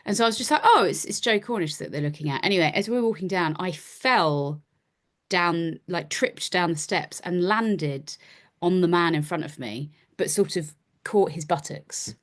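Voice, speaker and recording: A woman's voice: on the low side, normal speed. A woman in her forties, a podcast guest and performer, telling casual self-deprecating stories and acting out her own lines. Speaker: podcast guest, actor and musician. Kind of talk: casual anecdotal chat.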